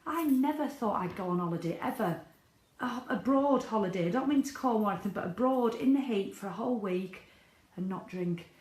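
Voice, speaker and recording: A woman's voice: mid-range voice, lively intonation, brisk, a little mellow. A middle-aged woman talking candidly in a casual video diary, swearing freely. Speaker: vlogger. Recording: echoey room.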